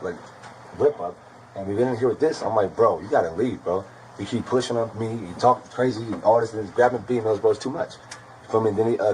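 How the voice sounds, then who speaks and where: A man being questioned, giving a rapid, rambling account and repeating "bro" constantly. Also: fairly low pitch, darkish tone, a little hiss or hum, low-quality recording. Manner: rapid, repetitive, keeps saying bro. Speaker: interrogated suspect.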